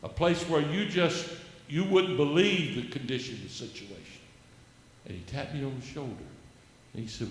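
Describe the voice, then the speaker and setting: A man's voice: mid-range voice, animated, moderate pace. An older man telling a personal testimony during a church service, earnest and building into fervent preaching. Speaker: church member giving testimony. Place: church sanctuary. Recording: echoey church hall with faint background noise.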